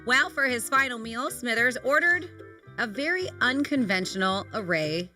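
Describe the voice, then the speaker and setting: A woman co-hosting a radio show, reading quirky news items in a casual, joking way. Her voice is bright and clear, with a faint music bed underneath. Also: a little high, lively intonation, normal speed. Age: adult, married. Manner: laughs between lines, offhand asides. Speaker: radio co-host. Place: radio studio.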